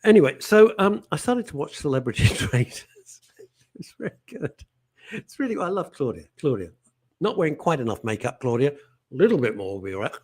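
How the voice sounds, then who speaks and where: A man's voice: mid-range voice, very animated, fairly quick, darkish tone, breathy edge. A middle-aged man hosting a talk show, chatty, jokey and opinionated, with bursts of indignation. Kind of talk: casual chat.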